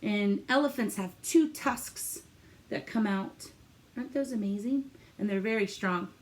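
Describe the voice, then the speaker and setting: A woman teacher reading a picture book aloud to young children, animated and encouraging as she asks them questions. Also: mid-range voice, unhurried.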